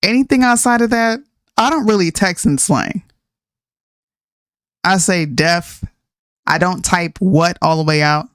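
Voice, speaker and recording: A woman in her thirties, a podcast co-host, chatting casually and ranting in an animated way, mixing in slang and laughs. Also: lowish voice, a little slow, long pauses, dry recording, clean studio sound. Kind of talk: casual chat.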